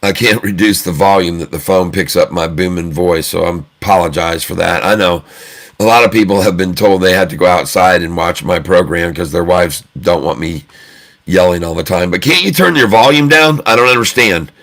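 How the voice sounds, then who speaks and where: A man hosts a casual live stream, and his booming voice is loud and animated. His deep voice is gravelly and bright, with a husky edge. He streams from a phone. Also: normal speed. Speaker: live-streaming day-trading host.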